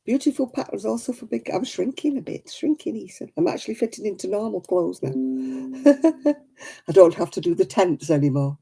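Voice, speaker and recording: Middle-aged Lancashire woman, soft mellow tone, rough coughing throat, chatty and giggly stream host. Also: mid-range voice, animated, moderate pace, soft background music. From Lancashire, England. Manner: chatty, giggly, addresses viewers by name. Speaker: crafting livestream host. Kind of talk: chatty live stream, reading chat.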